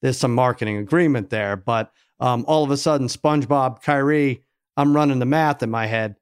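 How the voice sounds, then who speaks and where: A man co-hosting a podcast, telling a story in an animated, exasperated way. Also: medium pitch, moderate pace, smooth, no echo, clean studio sound. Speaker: podcast co-host. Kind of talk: casual storytelling chat.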